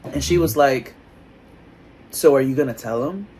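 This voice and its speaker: A man's voice: medium pitch, background noise. A man co-hosting a casual recap podcast, reacting bluntly and swearing freely. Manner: blunt, profane, quick reactions. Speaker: podcast co-host.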